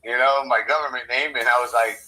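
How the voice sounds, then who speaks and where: Young american dude rambling on a podcast, cussing nonstop, bright edgy voice, plays out every line of the story. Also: male voice, medium pitch, steady tone, a little fast, rough recording. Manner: rambling, swears constantly, acts out both sides of his story. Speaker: podcast co-host. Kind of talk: casual chat.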